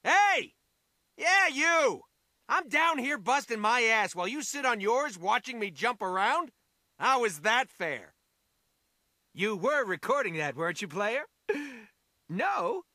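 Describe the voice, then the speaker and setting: An actor playing a manic, wisecracking male mercenary in a video game, shouting taunts and one-liners. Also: extremely high pitch, sing-song, slow, long pauses, dry recording, studio quality, full character voice. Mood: taunting. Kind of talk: video game character voice lines.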